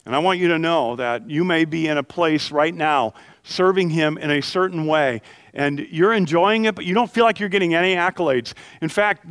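A man preaching a sermon as pastor, questioning his congregation and explaining scripture with lively energy. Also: a little high, no room sound. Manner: animated, asks the congregation questions.

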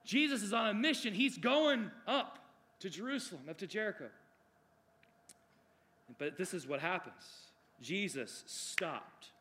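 A man preaching a sermon, moving between loud declarations and hushed, drawn-out phrases. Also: high voice, lively intonation.

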